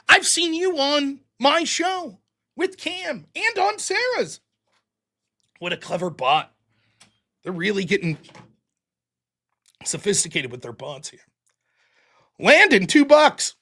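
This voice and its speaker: A man hosting a live stream, reading viewer donations aloud and answering them with sarcastic jokes, dropping lower and quieter when he reads their messages. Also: big pitch swings, takes it slowly, pauses often. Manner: mocking, sarcastic humor. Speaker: livestream host reading super chats. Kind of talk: casual live-stream chat.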